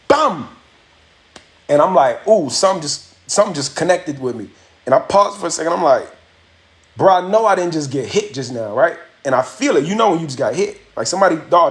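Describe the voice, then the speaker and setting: A man, hosting a livestream and telling a story casually, slangy and animated, repeating phrases for effect. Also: fairly high pitch, fast. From Miami, USA. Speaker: livestream host.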